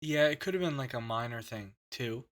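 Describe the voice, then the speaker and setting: A man hosting a paranormal podcast in a casual chat, halting and full of fillers. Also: mid-range voice, lively intonation. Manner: halting, filler-heavy, laughs often. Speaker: podcast host.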